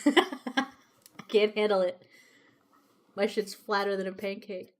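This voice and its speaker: Young woman streamer just yapping, cusses a lot, mid-pitched, laughs at her own stories. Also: takes it slowly. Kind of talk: casual chat while drawing on a livestream.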